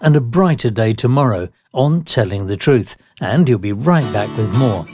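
A man announcing a radio program in a smooth, friendly scripted read. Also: mid-range voice, animated, moderate pace, a little mellow. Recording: guitar music behind the voice.

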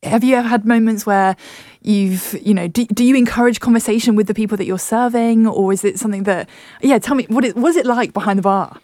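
An enthusiastic radio guest talks quickly, affirming what others say. The sound is dry and close to the mic. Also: mid-range voice, darkish tone, dry recording.

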